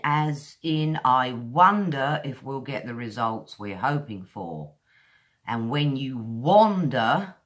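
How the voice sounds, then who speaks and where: A woman from England with a modern English accent, teaching pronunciation in a chatty video lesson and slowly repeating sounds to demonstrate them. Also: low-pitched, fairly bright tone. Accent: modern southern English.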